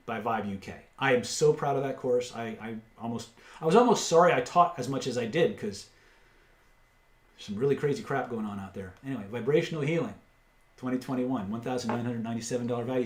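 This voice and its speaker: A man hosting a live online webinar, pitching course bundles and rattling off dollar values in a salesy patter. His voice sits at an ordinary pitch and carries a noticeable room echo. He drops blunt, casual asides between the numbers. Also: a little fast. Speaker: webinar host and seller.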